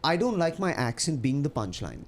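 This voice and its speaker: A man with an Indian accent, a comedian chatting as a podcast guest, animated and quick to laugh. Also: on the high side, over a noisy crowd. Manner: animated storyteller, laughs often, many restarts. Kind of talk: casual podcast chat.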